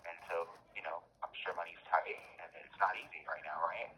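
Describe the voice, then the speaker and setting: A man's voice: sits low, little pitch movement, a little fast, bright, forceful tone. A man held in jail, talking earnestly and emphatically in an interview, often repeating and restarting his phrases. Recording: muffled phone line with faint hiss.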